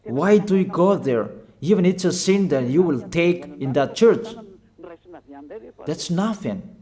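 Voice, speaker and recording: Slow, urgent preacher man, higher voice. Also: animated, dark tone. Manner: urgent exhortations in non-native English with slips; slow, emphatic, repeats commands. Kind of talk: sermon.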